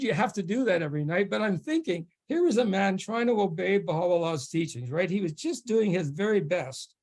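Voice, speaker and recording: Halting, slightly high-voiced man telling a story. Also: expressive, darkish tone. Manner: halting, with many restarts and fillers; laughs often while telling the story. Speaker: guest speaker at a faith forum. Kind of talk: storytelling talk.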